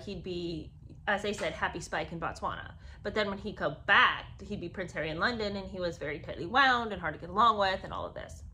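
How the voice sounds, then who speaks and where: A woman's voice: mid-range voice, bright, forceful tone, slight background noise. A woman giving sarcastic, exasperated commentary on a memoir, talking in a chatty way to her viewers. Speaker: book commentary host.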